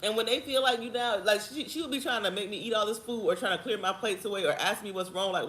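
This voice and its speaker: Animated chatty woman in an echoey room. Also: medium pitch, quick pace. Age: 30s. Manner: animated, chatty, laughs often, calls viewers girl and honey. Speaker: vlogger. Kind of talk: casual chat to camera. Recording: echoey room with faint ambience.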